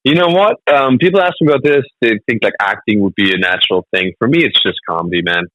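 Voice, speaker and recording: Fast, bright man telling stories. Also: on the low side, dry recording, highs cut off. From Germany. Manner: animated storytelling, laughs often. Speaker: comedian guest. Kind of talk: casual interview chat.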